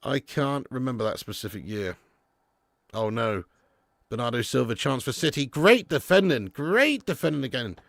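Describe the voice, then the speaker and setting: This man hosts a football watch-along live from a home garage used for storage, mixing match commentary with casual chat, free swearing, and reading viewers' messages aloud. He sounds animated, with a gravelly, medium-pitched voice at a moderate pace. The sound is dry and clean, like a studio.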